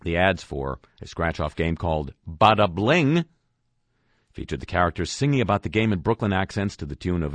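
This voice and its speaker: A man's voice: low-pitched, sing-song, normal speed, no room sound. A man hosting talk radio, reading news items with sarcastic, wry asides. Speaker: radio host.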